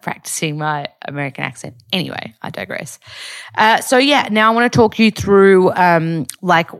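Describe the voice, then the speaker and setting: A woman's voice: sits low, smooth, dry recording, clean studio sound. A young Australian woman chatting casually to camera in a rambling vlog, full of fillers. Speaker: vlogger.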